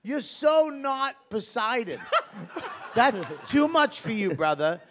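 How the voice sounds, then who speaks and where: Man, middle-aged, high voice, lively swinging intonation, profane, animated storyteller, casual comedy chat. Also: slow pace.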